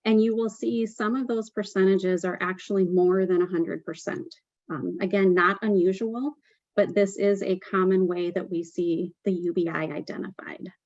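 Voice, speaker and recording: Woman presenter, mid pitch, steady explanatory delivery with fillers, dry muffled webinar sound. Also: moderate pace, no room sound.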